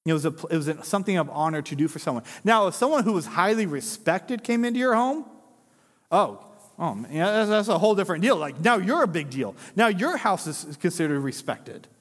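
A high-pitched man gives a sermon in an animated, chatty way, tossing in jokes and little acted-out voices. His voice rings out with a long reverb, as in a big church hall. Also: a little fast. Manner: animated, conversational preaching with jokes and acted-out quotes. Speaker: pastor.

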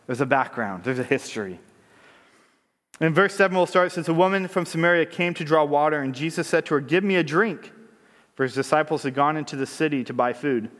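A man with a high voice delivers a sermon, moving between scripture reading and chatty, question-filled commentary. His voice rings out with a long reverb tail from a big hall. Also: fairly quick, a bit bright. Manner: conversational preaching with rhetorical questions; reads scripture aloud then riffs on it. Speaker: pastor.

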